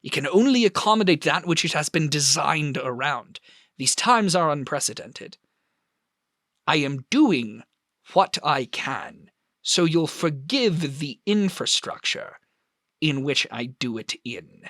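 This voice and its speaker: A man voicing a huge, earnest male statesman who speaks in formal, measured oratory. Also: fairly high pitch, expressive, a bit bright, no echo, clean studio sound, heavily acted.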